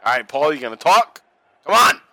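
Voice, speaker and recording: A man on a casual watch-along podcast, reacting with loose, profane jokes. His voice sits a touch high and swings all over the place. The sound is bright and bone dry. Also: fairly quick, no echo, poor audio. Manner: profane, joking, excitable. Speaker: podcast co-host.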